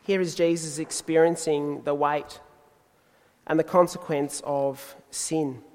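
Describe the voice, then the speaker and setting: A man preaching a sermon in a measured, deliberate way, pausing for emphasis. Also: fairly high pitch, fairly even intonation, a little mellow, in a large hall.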